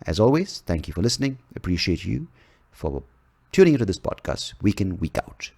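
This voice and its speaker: A man's voice: deep voice, sing-song, a little fast, vocal fry, dark tone. A man from India, hosting a podcast in a casual, rambling and profane way, often laughing at his own jokes. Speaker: podcast host.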